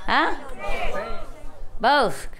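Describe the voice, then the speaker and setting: A woman's voice: sits high, sing-song, extremely slow, a crowd in the background, background noise. A woman with a Vietnamese accent, speaking English in a playful, teasing way to a live audience and laughing often between phrases. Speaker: spiritual teacher speaking to a gathering. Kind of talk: casual talk to a live audience.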